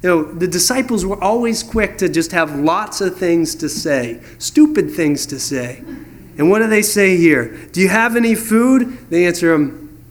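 A man's voice: sits high, measured pace. A man preaching a sermon, reading verses and telling stories, acting out voices in the dialogue. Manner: storytelling, animated, acts out voices in dialogue. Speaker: pastor.

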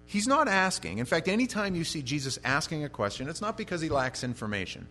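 A man preaching an expository sermon as pastor. He moves between conversational asides and emphatic lines, with big swings in loudness and pitch. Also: big pitch swings, fast talker, slight background noise.

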